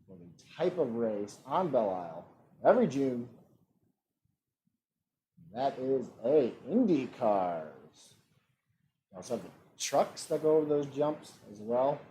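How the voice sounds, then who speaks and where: A man hosting an online trivia game. He reads out multiple-choice questions and adds relaxed joking asides. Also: medium pitch, unhurried, long pauses, slight background noise. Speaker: trivia quiz host.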